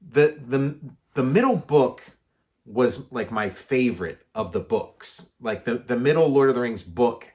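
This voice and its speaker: A man's voice: mid-range voice, expressive, a little slow, darkish tone. A man co-hosting a casual chat about movies, rambling with lots of filler words. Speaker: podcast co-host.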